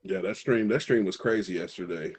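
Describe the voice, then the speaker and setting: A man's voice: low-pitched, a little fast, husky. A man chatting on a live stream, blunt and gossipy. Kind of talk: casual stream chat.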